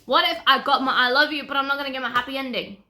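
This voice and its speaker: A young woman talks to her camera in a casual reading vlog. Her voice sits a little high and sounds bright and forceful. She swears freely, and her delivery lurches between loud outbursts and hushed whispers. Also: fairly even intonation, very fast. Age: young adult. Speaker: book vlogger.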